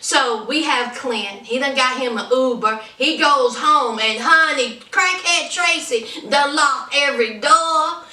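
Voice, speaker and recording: A woman's voice: sits high, takes it slowly, few pauses, sharp tone. A woman reviewing a reality show in a sassy, teasing way, full of playful slang. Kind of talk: casual commentary vlog. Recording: roomy, from a distance.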